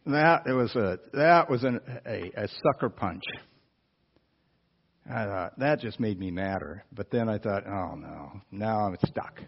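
Husky man telling a sermon story. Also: lowish voice, unhurried. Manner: animated personal storytelling with asides to listeners. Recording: dull lo-fi sound.

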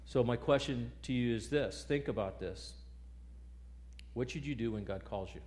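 A man with a mid-range voice preaches a sermon, reading scripture aloud and posing rhetorical questions to his listeners. He swings between loud emphasis and quiet asides.

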